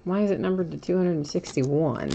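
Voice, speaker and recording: A woman's voice: on the low side, fairly quick, vocal fry, warm tone, a little hiss or hum. A woman hosting a live-stream card break, chatting and laughing as she reveals each card and often trips over player names.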